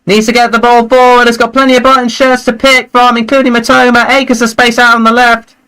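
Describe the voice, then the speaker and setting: A man hosting a live football watchalong, chatting and reacting excitedly to the play. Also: very high voice, brisk, smooth, poor audio. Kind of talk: live match commentary and chat.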